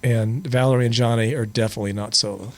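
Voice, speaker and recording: Older man telling stories with pauses. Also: medium pitch, fairly even intonation. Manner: reflective storytelling, many pauses. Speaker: podcast guest, host's father. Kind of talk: casual podcast chat.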